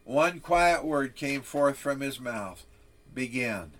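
A man's voice: mid-range voice, takes it slowly, fairly bright tone. A male preacher telling a solemn story, then delivering a sermon.

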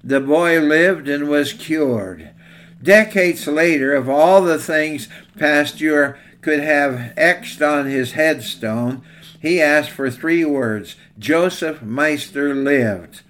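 A pastor preaching a sermon, telling illustrative stories in an earnest way and slowing down to stress key lines. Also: male voice, a little high, fairly bright tone.

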